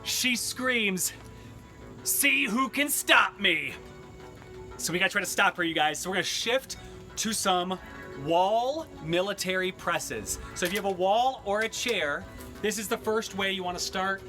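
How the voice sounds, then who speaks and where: A cheery man with a high, bright voice leads a workout class at an unhurried pace. He mixes cues with puns, and faint music plays behind him. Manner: upbeat, cheery, cracks puns. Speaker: fitness instructor. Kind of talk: live-streamed workout class with jokes. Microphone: camera mic he adjusts.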